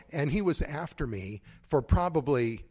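A man's voice: a little high, lively intonation, slow, a little mellow, breathy edge. A man who is a priest, giving a conference talk in a conversational, digressive way with frequent asides.

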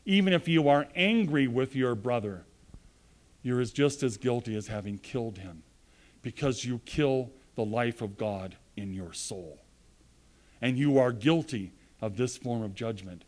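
A man delivers a sermon in a middle-pitched voice. He is earnest and swings widely in loudness, pressing points hard and then sinking to quiet, low-voiced asides. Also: lively intonation, a little slow. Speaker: preacher.

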